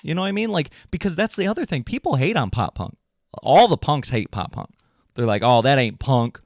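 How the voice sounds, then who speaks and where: A young adult man, a podcast host, ranting in an animated, casual, swearing way. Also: brisk, creaky, no room sound, clean studio sound. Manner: animated, swearing, mocking voices in high pitch. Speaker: drummer in a pop punk band. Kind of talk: casual comedic rant.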